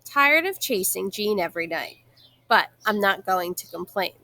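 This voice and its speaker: A woman's voice: mid-range voice, animated, moderate pace, pushed and bright. A woman reading aloud and voicing an easygoing, joking father who is a touring actor, close to her own voice.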